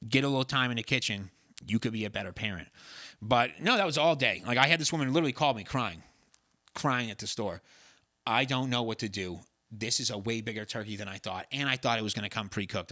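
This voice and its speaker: Young man, sarcastic ranter, swears a lot, bright forceful voice, dry close sound. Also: mid-range voice, dry recording. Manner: profane, sarcastic storytelling ranter. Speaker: podcast co-host. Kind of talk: casual chat.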